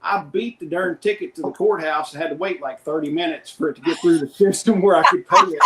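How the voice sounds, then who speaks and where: A man's voice: on the high side, quick pace, fairly bright tone, roomy sound, poor audio. A middle-aged man co-hosting a podcast, telling rambling anecdotes in casual chat and quoting others in his plain voice. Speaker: podcast co-host.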